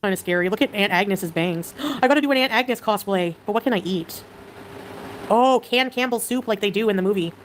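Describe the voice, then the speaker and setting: A woman's voice: medium pitch, a little fast, slight background noise. A Canadian woman livestreaming, chattily reading viewer comments aloud and greeting viewers.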